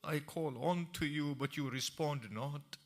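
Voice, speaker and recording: A man narrating an emotional religious story in a sermon, moving from hushed tones to impassioned cries. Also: a little high, measured pace. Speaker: preacher.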